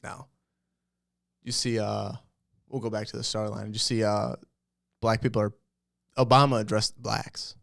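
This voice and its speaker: A man's voice: on the low side, flat delivery, measured pace, vocal fry, a bit bright, no echo, studio quality. A man co-hosting a comedy podcast, chatting casually and telling profane stories, acting out the people he quotes. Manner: profane storytelling, acts out quotes. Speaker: podcast co-host. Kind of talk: casual chat.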